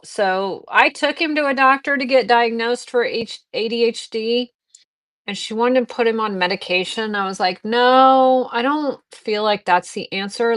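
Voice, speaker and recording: A woman's voice: medium pitch, fairly bright tone. A middle-aged woman hosting a live selling stream, chatting casually with viewers and rambling through personal anecdotes. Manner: rambling anecdotes, restarts and fillers, talks to viewers. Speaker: live-stream seller host.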